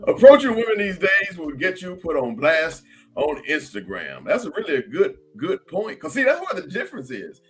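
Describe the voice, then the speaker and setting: A man's voice: sits high, wildly swooping pitch, normal speed, fairly bright tone. A middle-aged man, hosting a casual panel chat and reading viewer comments aloud. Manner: laid-back, reads viewer comments aloud. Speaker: podcast host.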